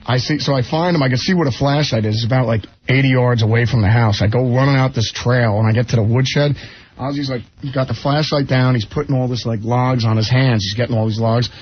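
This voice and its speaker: A man telling rambling, animated anecdotes as a radio guest, often slipping into quoted voices. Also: medium pitch, fast talker. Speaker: guest musician. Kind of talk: casual storytelling on radio. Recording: muffled radio broadcast with faint hiss.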